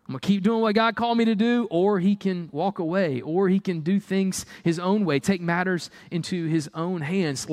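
A man preaching a sermon, firing rhetorical questions and acting out the people he quotes. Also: high voice. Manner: animated, rhetorical questions, acts out quoted voices. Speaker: pastor.

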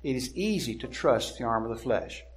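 A male preacher delivering an expository sermon at a deliberate pace. He leans hard on his key words and drags them out for emphasis. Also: medium pitch, expressive.

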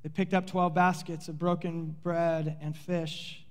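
A man preaching a sermon as pastor, telling the story in an animated way and playfully acting out the characters with sarcasm. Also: a little high, slow pace. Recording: long hall reverb.

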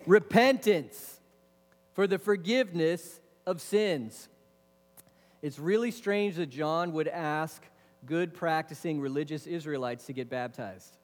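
A man preaching in a church sanctuary, his fairly high voice ringing out with a long hall reverb. He fires rhetorical questions at the congregation and drops into casual, chatty asides. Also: slow. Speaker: pastor. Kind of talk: sermon.

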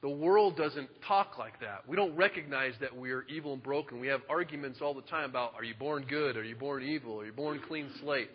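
A male pastor preaching a sermon, animated and joking, dropping from loud emphasis to a hushed voice. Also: medium pitch, brisk, few pauses, slightly rough. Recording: dull lo-fi sound with long reverb.

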